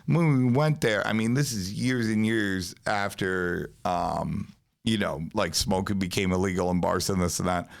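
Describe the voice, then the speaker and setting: A man with a New York accent telling a long story on a podcast in a casual, profane, animated way. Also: low-pitched, normal speed, vocal fry. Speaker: pizzeria owner, podcast guest. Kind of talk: casual chat.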